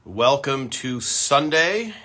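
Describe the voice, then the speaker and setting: A man's voice: medium pitch, big pitch swings, slow, bright, forceful tone. A man hosting a casual live Q&A stream, greeting viewers one by one and chatting with plenty of filler words.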